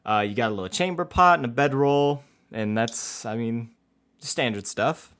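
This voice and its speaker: A man narrating as game master of a tabletop role-playing game, pausing often with fillers. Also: mid-range voice, fairly bright tone, clear, resonant tone. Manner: hesitant, lots of fillers.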